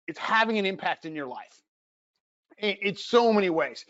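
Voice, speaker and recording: Earnest, animated middle-aged man lecturing. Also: high voice, moderate pace, highs cut off. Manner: animated, earnest, many restarts and repeated words. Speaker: exercise researcher giving a talk. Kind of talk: informal lecture over video call. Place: home, with noise from upstairs.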